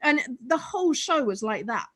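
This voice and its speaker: A woman co-hosting a relaxed chat show with a bright, high voice. She talks in a bubbly, chatty way, often restarting her sentences as she goes. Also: normal speed. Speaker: podcast co-host. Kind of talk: casual chat.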